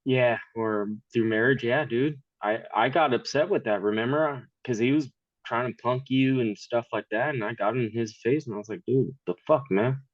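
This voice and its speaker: A man's voice: mid-range voice, moderate pace, dry recording, lo-fi sound. A man in his thirties, a podcast guest, chatting casually in a blunt, profane way and laughing often. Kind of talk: casual chat.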